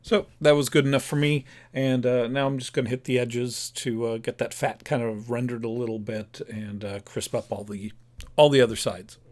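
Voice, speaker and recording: A man's voice: medium pitch, fairly even intonation, normal speed, darkish tone. A man casually narrating his home cooking, chatty and rambling, correcting himself often with plenty of fillers. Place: home kitchen.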